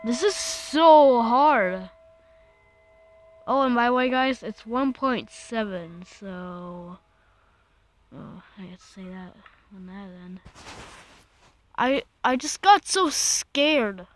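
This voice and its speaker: A woman's voice: a little high, lively intonation, slow pace, pauses often. A woman giving casual gameplay commentary, easily startled and exclaiming in fright, rambling and restarting her sentences. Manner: jumpy, keeps exclaiming in fright. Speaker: gaming channel host.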